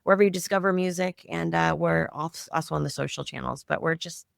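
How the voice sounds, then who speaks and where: A middle-aged woman, founder of a children's music project, speaks briskly in a low, creaky voice while emotionally recounting a family story as a podcast guest. The conversational interview is recorded in clean studio sound without echo.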